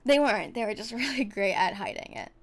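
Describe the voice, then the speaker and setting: Young-sounding high-pitched female vlogger; chatty, animated storyteller who swears freely. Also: a little fast. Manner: chatty, constant "like" fillers, frequent swearing; animated, swings between loud outbursts and soft muttering. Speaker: streamer telling a storytime. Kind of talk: casual storytime vlog.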